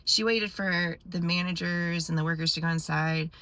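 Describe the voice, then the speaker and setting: A woman vlogger telling a story to her viewers in a casual, animated way with quick asides. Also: on the low side, dry recording.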